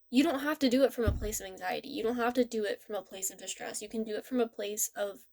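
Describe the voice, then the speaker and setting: A young woman talks through a tarot reading in a relaxed, gentle way. She rambles and restarts her sentences often. Her voice sits a little high. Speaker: tarot reader. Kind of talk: casual spiritual reading.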